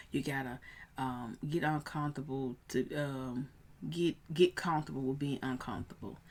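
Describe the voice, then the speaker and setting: A woman in her thirties, a coach, telling a personal story in a casual vlog, animated and prone to rising in excited bursts. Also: very deep voice, slight background noise. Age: 30s.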